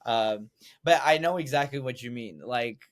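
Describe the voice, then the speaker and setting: A man who is a stand-up comedian, telling stories on a podcast over a video call, energetic and full of fillers like "like". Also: mid-range voice, moderate pace. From United States. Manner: energetic storyteller, heavy use of "like". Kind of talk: casual podcast chat.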